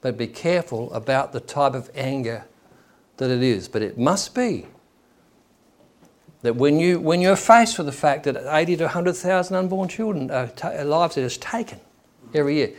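A man preaching a sermon in a conversational way, acting out the people he quotes. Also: a little high.

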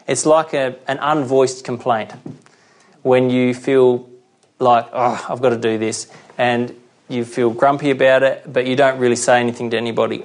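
A male preacher giving a sermon in a conversational way, reading scripture slowly and often checking in with "okay?". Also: medium pitch.

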